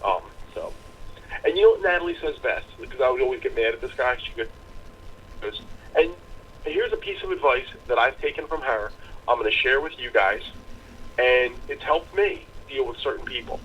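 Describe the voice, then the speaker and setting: A man's voice: medium pitch, animated, normal speed, fairly bright tone, slight background noise. Rambling storytelling man, dull lo-fi sound. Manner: rambling storyteller, acts out quoted people. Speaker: podcast co-host. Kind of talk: casual chat.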